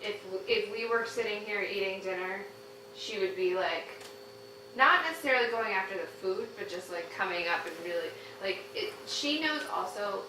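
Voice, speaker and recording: A woman who owns a dog, hesitantly explaining her habits to a trainer with many fillers. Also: medium pitch. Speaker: dog owner, client. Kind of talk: casual conversation. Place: home room. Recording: echoey room, far from mic, noise.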